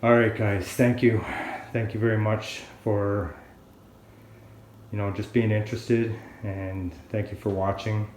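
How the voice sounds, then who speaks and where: Slow-talking man in an echoey workshop. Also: lowish voice, little pitch movement, a little mellow, a little hiss or hum. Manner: slow, unhurried and chatty. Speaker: hobbyist woodworker vlogger. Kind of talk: casual video diary. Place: workshop room, alone.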